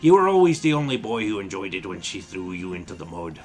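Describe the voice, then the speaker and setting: A man voicing a gruff, warm-hearted older father with a put-on Irish accent, reading game dialogue aloud with hearty laughs. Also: sits low, fast, soft background music, natural voice. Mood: fatherly.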